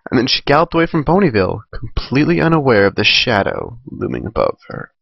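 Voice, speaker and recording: A man's voice: medium pitch, huge pitch swings, fast, vocal fry, few pauses, dry recording, muffled recording. A man reading a fan story aloud in a casual way, correcting himself and adding chatty asides. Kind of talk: amateur fan fiction reading.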